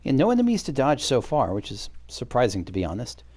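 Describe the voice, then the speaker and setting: A man's voice: medium pitch, wildly swooping pitch, quick pace, darkish tone, slightly rough. A man hosting a game playthrough, musing aloud in a rambling, casual way with filler words. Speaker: let's play host. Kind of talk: casual gameplay commentary.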